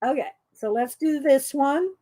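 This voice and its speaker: A woman's voice: sits high, measured pace, warm tone. A woman running a live craft demonstration, chatting with viewers and giggling often as she goes. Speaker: art journaling instructor.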